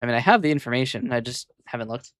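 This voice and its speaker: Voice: medium pitch, animated, fast talker, no room sound, clean studio sound. A VTuber streamer chatting casually on a live stream, rambling and hesitant, often muttering to themself.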